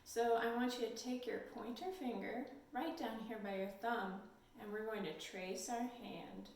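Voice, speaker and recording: Echoey children's librarian, sing-song. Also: female voice, a little high, measured pace. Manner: gentle, sing-song, encouraging. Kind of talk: storytime lesson for toddlers. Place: library room, indoors. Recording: echoey room, mic at a distance.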